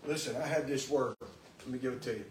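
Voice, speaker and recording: A man's voice: mid-range voice, fast, a loud crowd. A man preaching a sermon with call and response, emphatic and building up to exclamations. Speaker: preacher and podcast host. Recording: echoey room, distant mic, faint noise.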